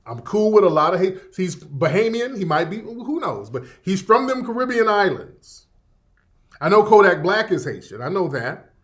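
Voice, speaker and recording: A man hosts his radio show as casual livestream commentary, talking in a fairly high voice. He rambles, swears freely and circles back over the same points while reacting to the chat. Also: big pitch swings, moderate pace, a bit bright.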